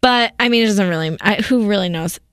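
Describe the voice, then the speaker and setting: A woman's voice: medium pitch, brisk, fairly bright tone, clean tone, no echo. Chatty young woman, dry close sound. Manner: chatty, lots of likes and restarts. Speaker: podcast co-host. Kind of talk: casual chat.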